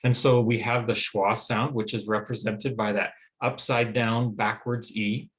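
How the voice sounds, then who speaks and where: A man with a Western American accent teaching a phonetics lesson, explaining clearly and pausing to sound out vowels. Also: fairly low pitch, little pitch movement, fairly bright tone. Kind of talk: phonetics lecture.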